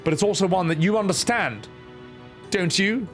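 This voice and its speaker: A man's voice: high-pitched, normal speed, voice pushed up, natural voice. A lofty young queen, grand and cold, speaking in a broad Australian accent, as a man puts her on. She drops swear words into stately lines in a slightly raised voice, with faint game music playing behind. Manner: mock-solemn, swears mid-speech. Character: gentle young queen turned cold ruler.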